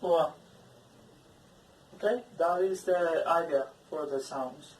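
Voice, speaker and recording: Brief: Spanish-speaking Colombian woman as pronunciation teacher, very slow and measured, slightly low voice, recorded far from the mic in an echoey room. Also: darkish tone. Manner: drills word lists, stressing each example word. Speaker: English phonetics teacher. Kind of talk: pronunciation lesson.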